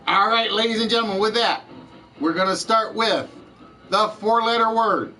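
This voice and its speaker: A man's voice: high-pitched, unhurried, pushed and bright, low-quality recording. A man with a Southern US accent hosting a live-streamed trivia game show, chatting with viewers and answering their comments as he goes.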